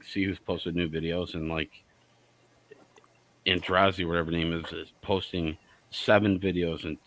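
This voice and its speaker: A man's voice: low-pitched, dry recording, rough recording. A man in a casual group chat who rambles and trips over his words.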